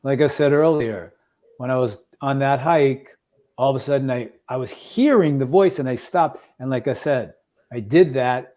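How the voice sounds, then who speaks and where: A man's voice: mid-range voice, normal speed, mellow. A man speaking as a guest in a casual discussion, reflective and retelling his own inner dialogue.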